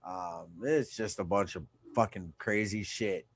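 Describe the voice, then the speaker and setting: A man's voice: deep voice, a little slow, slightly rough. A man in his thirties co-hosting a podcast, joking and swearing freely in a casual chat. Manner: profane, joking reactions. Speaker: podcast co-host.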